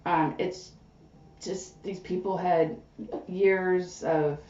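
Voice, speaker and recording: A woman with a very low, mellow voice speaks as an interview guest, measuring her words and qualifying her claims. The sound is roomy and distant, with a dull, lo-fi tone. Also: fairly even intonation. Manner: hedging, measured, many listening murmurs. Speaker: psychic medium guest. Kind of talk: conversational interview answers.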